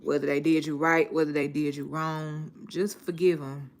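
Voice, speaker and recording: A woman, chatting casually to her viewers and telling stories in a relaxed, slangy way. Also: low-pitched, normal speed. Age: 30s. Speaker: vlogger.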